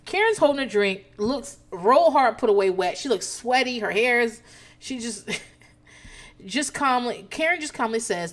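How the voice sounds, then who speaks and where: A woman casually recapping a reality TV episode, animated and profane, laughing often as she talks. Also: on the high side, moderate pace. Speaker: TV recap host.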